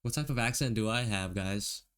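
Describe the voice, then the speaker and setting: This is a man from the United States, streaming as he draws, with a clear, resonant voice on the low side at an ordinary pace. He keeps things relaxed, talks directly to chat, and often breaks into laughter.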